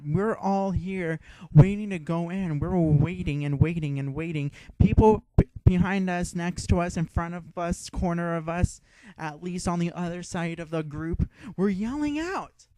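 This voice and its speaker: A young man co-hosting a podcast, telling a story in casual chat, excitable and swearing freely. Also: high voice, normal speed, few pauses, dry recording. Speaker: podcast co-host.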